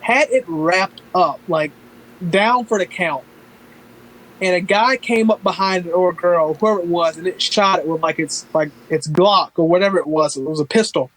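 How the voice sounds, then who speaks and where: A man from Northeast Florida, a podcast guest telling stories in a relaxed, casual way with lots of fillers. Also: sits high, normal speed, rough recording. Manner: relaxed storytelling with many fillers. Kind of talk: casual conversation.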